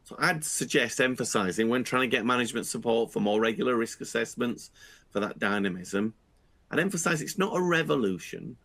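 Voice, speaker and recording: A man giving a measured explanatory talk on audit planning, pausing with fillers and restarting phrases as he goes. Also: medium pitch, lively intonation, creaky, a bit bright. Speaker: internal audit speaker.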